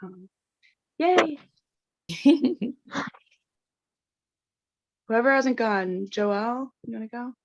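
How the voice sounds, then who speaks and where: A woman's voice: on the high side, slow, long pauses, no echo. A woman from Atlanta chatting casually and giggling as she introduces herself on a video call. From Atlanta, Georgia. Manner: chatty, giggly, many fillers. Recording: muffled video call audio.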